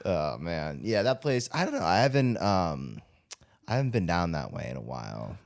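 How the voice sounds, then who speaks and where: A young man with a low voice that swings up and down a lot tells stories as a podcast co-host. He rambles through fillers and restarts, swears freely and breaks into laughter. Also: sing-song, moderate pace, creaky, dry recording, studio quality. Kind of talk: casual chat.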